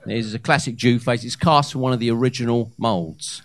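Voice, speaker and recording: A man in his thirties performing a live stand-up set on a comedy club stage into a handheld mic, with hesitant fillers and loud punchlines. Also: medium pitch, steady tone, fairly quick. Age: 30s.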